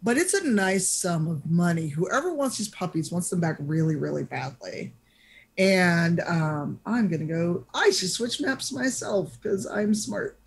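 A woman narrating an online tabletop game as game master, chatty and halting with lots of fillers. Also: lowish voice, lively intonation, slightly rough. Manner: chatty, hesitant with many fillers.

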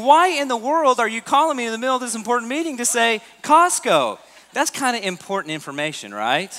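A man's voice: on the high side, bright, forceful tone. A pastor giving a sermon, talking in a casual way and putting questions to his congregation. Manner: conversational preaching, asks the congregation questions. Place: church auditorium. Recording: long hall reverb.

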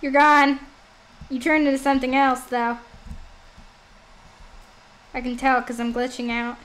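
High-pitched gamer girl, hesitant and full of fillers, casual co-host chatter. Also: level tone, measured pace, fairly bright tone, a little hiss or hum, poor audio. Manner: hesitant, many stammered fillers. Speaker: gaming channel co-host. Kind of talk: casual gameplay chat.

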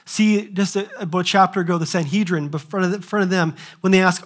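A young man preaching from the pulpit, his voice sitting a touch high for a man. He keeps it animated, firing off rhetorical questions and slipping into the voices of the people he quotes. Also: quick pace, hardly any pauses. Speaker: pastor. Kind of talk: sermon.

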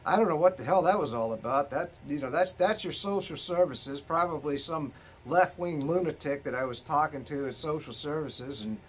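Middle-aged man, high voice, tipsy, rambling and cursing. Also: moderate pace, a little hiss or hum. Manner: profane, rambling storyteller. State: tipsy from drinking. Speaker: vlogger. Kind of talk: rambling casual monologue.

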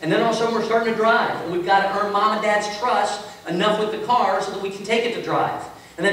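A man preaching a sermon as a pastor, telling stories in a relaxed, conversational way with self-mocking humor. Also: sits high, quick pace, few pauses. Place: large echoey church sanctuary. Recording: echoey hall from far off with faint hiss.

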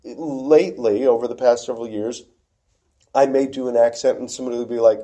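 A man in casual conversation about theatre, musing aloud, trailing off and restarting, then getting animated to make a point. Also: medium pitch, a little fast.

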